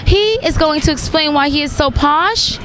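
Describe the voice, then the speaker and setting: A woman's voice: high voice, normal speed, very noisy. A woman hosting a show, gushing through interviews outdoors at a food festival with a handheld mic. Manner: bubbly, gushing. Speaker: show host.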